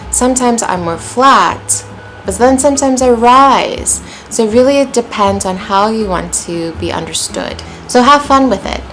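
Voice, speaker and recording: A woman with an American accent teaching an English pronunciation lesson, modeling phrases clearly and encouragingly. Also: medium pitch, low-quality recording. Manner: clear, encouraging, demonstrative delivery.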